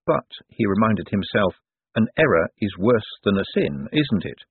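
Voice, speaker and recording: A man narrates an audiobook in a dry, even way. His voice is husky, and the recording is dry. The sound is thin and tinny, like a phone line. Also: fairly low pitch, moderate pace, no echo.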